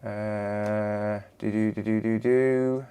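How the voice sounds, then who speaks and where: A man's voice: on the low side, flat delivery, slow, mellow, clean tone, faint music behind. A man hosting a live stream, greeting viewers one by one and bantering casually with his chat. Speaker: live-stream host, electronics repairer.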